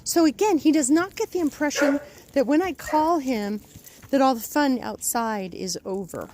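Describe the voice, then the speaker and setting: A woman's voice: moderate pace, heavy background noise. A woman dog trainer teaching recall with a dog at home, upbeat and coaxing. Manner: upbeat, coaxing, high sing-song calls to the dog. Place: outdoors and indoors at a home with a dog.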